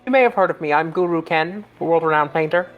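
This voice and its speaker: A woman's voice: deep voice, fast, lo-fi sound, music in the background. A woman playing a tabletop game, chatty and friendly. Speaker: player. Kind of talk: casual tabletop game play.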